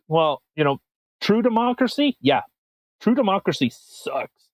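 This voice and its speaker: A man co-hosting a podcast, ranting casually with swearing and halting restarts. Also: high voice, animated, no room sound, low-quality recording. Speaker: podcast co-host. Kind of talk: casual comedic political chat.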